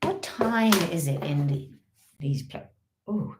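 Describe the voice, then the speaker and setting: A woman's voice: deep voice, big pitch swings, slow pace, a little mellow, a little hiss or hum. An Irish woman chatting casually on a live stream, playful and chatty, mumbling asides to herself and bursting into giggles. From Ireland. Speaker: livestreamer.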